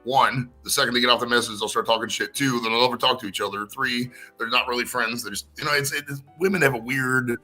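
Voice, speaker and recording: A man's voice: mid-range voice, steady tone, fast, few pauses, sharp tone, faint music behind. A man in a casual whisky chat, ranting crudely and animatedly, with lots of swearing.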